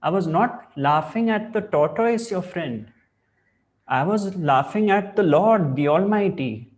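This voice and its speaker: A man's voice: on the high side, animated, a little fast, mellow. A man voicing the Lord of Death in a spiritual story, explaining eagerly with bursts of laughter. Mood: amused, apologetic.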